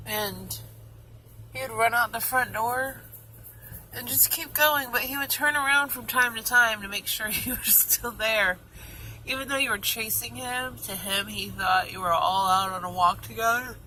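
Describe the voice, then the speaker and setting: A woman's voice: fairly high pitch, unhurried, bright, forceful tone. A woman chatting casually while she drives, self-mocking and talking back to other drivers. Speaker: vlogger. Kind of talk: casual chat while driving. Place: car on the road. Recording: noisy car interior. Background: car and road noise.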